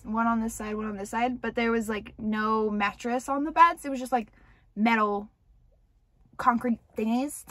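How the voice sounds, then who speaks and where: A young woman candidly rambling through a personal storytime, with lots of filler words and cursing. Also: a little high. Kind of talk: casual storytime monologue.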